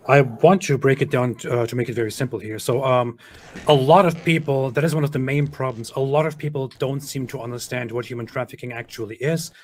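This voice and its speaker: A man's voice: medium pitch, fairly even intonation, brisk. Man with a German accent explaining. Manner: methodical, breaks things down step by step. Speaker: video commentator. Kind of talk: explanatory commentary.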